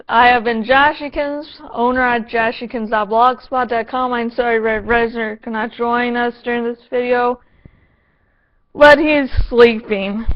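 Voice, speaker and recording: A woman's voice: a little high, highs cut off. A woman reviewing a TV episode in a casual vlog, sarcastic, playful and given to swearing.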